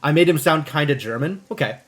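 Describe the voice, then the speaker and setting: A man's voice: on the high side, brisk, fairly bright tone, soft background music. A young man streaming a video game, chatting animatedly with his audience and laughing often. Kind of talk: casual live-stream commentary.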